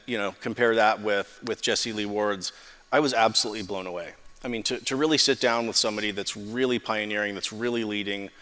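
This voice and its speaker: A man's voice: fairly low pitch, pushed and bright. A male podcast host talking in an enthusiastic, conversational way, leaning hard on the word absolutely. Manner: enthusiastic, repeats "absolutely", restarts often. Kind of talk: conversational interview. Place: event stage with live audience. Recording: long reverb of a hall.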